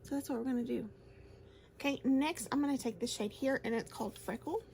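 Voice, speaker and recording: A woman with a fairly high voice chats her way through a makeup tutorial, gushing over each shade and laughing easily. A faint hiss sits behind her voice. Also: fairly quick, creaky, darkish tone. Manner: chatty and gushing, laughs often. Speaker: beauty vlogger. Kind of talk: casual makeup tutorial chat.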